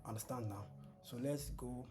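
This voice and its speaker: This coding tutor's voice is medium-pitched and moves at a normal speed. He leads a screen-share lesson with patience and lots of repetition, posing fill-in questions like "what?" to the class before answering them himself, while music plays in the background.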